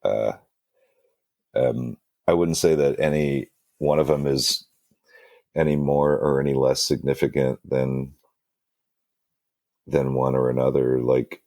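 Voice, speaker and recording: In a casual interview, a band singer appearing as a guest musician wanders through self-mocking stories, often restarting and leaning on fillers. His rumbling low voice stays steady and dark, moving slowly with long pauses, and the studio recording is clean with no room sound.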